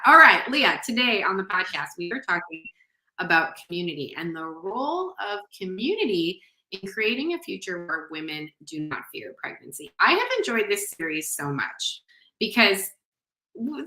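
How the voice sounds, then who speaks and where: Bright-voiced chatty woman podcast host. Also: mid-range voice, big pitch swings, moderate pace, reverberant, rough recording. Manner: chatty, heavy use of "like" and "you know". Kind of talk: casual chat.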